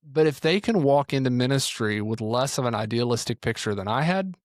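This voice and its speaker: Man, pastor, storytelling podcast voice, mid pitch, dry close mic. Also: brisk, dry recording. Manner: animated storyteller acting out quotes. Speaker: pastor and ministry teacher.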